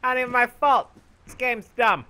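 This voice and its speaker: A young man commentating his own gameplay, bragging goofily about being a genius and yelling for help in mock panic. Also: very high voice, normal speed, smooth. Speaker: gaming YouTuber. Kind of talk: let's play commentary.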